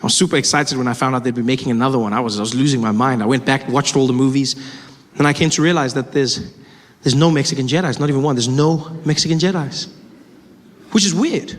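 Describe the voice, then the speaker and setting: A man performing a stand-up comedy routine on a theater stage, telling stories with animated shifts into other voices. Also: medium pitch, quick pace. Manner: animated storytelling, swings between voices. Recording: live hall with long reverb.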